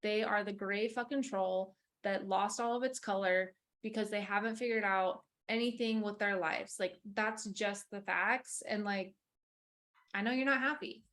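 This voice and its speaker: A woman's voice: medium pitch, fairly even intonation, moderate pace, a bit bright. A woman co-hosting a podcast, talking bluntly and emphatically in casual chat, swearing for stress. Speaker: podcast co-host.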